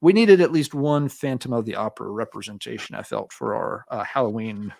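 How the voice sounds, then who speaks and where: A man's voice: medium pitch, lively intonation, a little fast, gravelly, a little mellow, no room sound, studio quality. Easygoing male podcast host, chatty. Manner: rambling, lots of fillers, self-mocking humor. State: coughing a lot. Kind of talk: casual chat.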